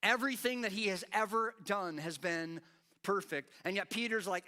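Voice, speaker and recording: A man preaching a sermon as pastor, animated and acting out quoted lines with rising intensity. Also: high voice, normal speed. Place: church.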